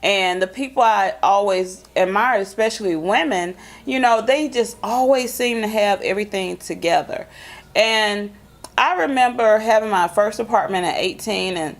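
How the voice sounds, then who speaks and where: A woman, hosting a casual, folksy chat to camera. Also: mid-range voice. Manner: chatty, folksy, drawn-out emphasis. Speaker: vlog host.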